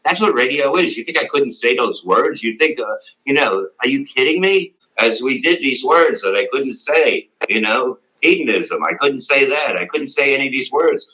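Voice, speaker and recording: A middle-aged comedian, telling stories in a casual interview, blunt and profane and rambling with many "you know"s. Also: male voice, mid-range voice, expressive, moderate pace, pushed and bright, poor audio. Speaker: comedian guest.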